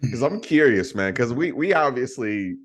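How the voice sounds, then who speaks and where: A man's voice: mid-range voice, very animated, moderate pace. A man co-hosting a film podcast, talking eagerly and enthusiastically with casual swearing. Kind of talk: casual film review chat.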